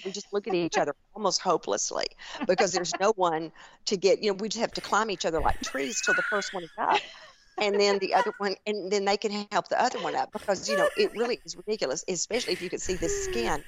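A woman's voice: mid-range voice, background noise. A woman, a podcast guest telling stories in casual chat, often restarting and repeating words. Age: 60s. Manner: chatty storyteller, frequent restarts and repeats. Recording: dry, slightly muffled podcast audio.

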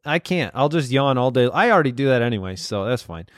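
A man's voice: mid-range voice, very animated, fast, dry recording, clean studio sound. A man co-hosting a comedy podcast in casual chat, wry and playful with wordplay, on a remote call mic. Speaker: podcast co-host.

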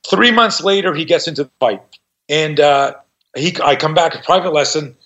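Brief: man, 60s, self-defense teacher, raised-pitch lively storyteller, cussing, lo-fi dull recording. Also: moderate pace. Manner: profane, animated, acts out voices in his stories. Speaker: self-defense instructor, guest. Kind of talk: storytelling in a conversation. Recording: dull lo-fi sound.

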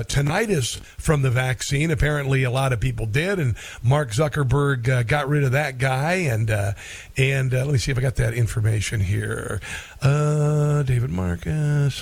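A man's voice: medium pitch, gravelly, no echo. A middle-aged man hosting a talk radio show in a rambling, sarcastic, folksy monologue.

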